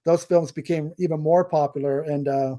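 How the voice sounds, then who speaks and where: A man co-hosting a film podcast, chatting in a relaxed, conversational way with some hesitant fillers. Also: a little high, normal speed. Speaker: podcast co-host. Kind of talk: casual film review chat.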